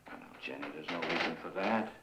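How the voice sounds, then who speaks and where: An actor playing a calm, reasoning reverend in a 1950s film. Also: male voice, low-pitched, quick pace, noisy background, natural voice. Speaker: film character. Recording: roomy old film soundtrack.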